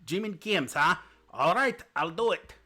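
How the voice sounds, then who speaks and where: A man's voice: high-pitched, lively intonation, measured pace, sharp tone. A man streaming a dating sim, reading the story aloud with playful, jokey asides.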